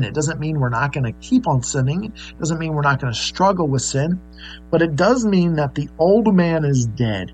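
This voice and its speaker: A man's voice: on the high side, rough recording. A man preaching a sermon, earnest and explaining, with many fillers and restarts. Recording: faint mains hum.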